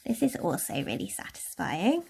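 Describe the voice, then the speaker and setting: A young woman from Somerset giving a relaxed, chatty nail care tutorial in a lightly posh English accent. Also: on the low side, moderate pace, creaky, breathy edge. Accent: posh-leaning southern English. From Somerset, England. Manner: chatty, relaxed, with soft laughs. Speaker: beauty tutorial host.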